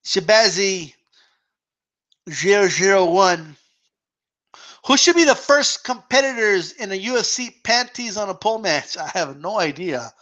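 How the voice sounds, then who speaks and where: High-voiced, laughing boxing stream host. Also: male voice, expressive, measured pace, bright, forceful tone. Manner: laughs often, slangy, swears casually. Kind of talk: casual chat reading viewer questions.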